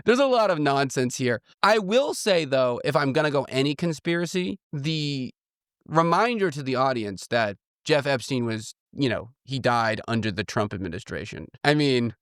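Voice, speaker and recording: A man's voice: mid-range voice, a bit bright, clear, resonant tone, no echo, studio quality. A man co-hosting a casual political podcast, rambling with lots of fillers and frequent laughter. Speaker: podcast co-host.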